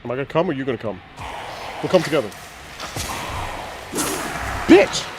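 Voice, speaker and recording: A man's voice: mid-range voice, animated, rapid-fire, noisy background. A young man chatting casually on a gaming livestream, telling stories with lots of swearing and jokes. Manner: profane, joking storyteller. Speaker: gaming streamer.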